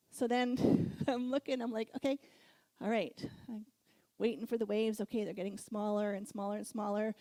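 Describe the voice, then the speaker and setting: A middle-aged woman giving a sermon, telling a personal story with frequent laughter and animated moments. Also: fairly high pitch, a little fast, no echo. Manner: storytelling, laughs often, animated when recounting. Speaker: guest speaker.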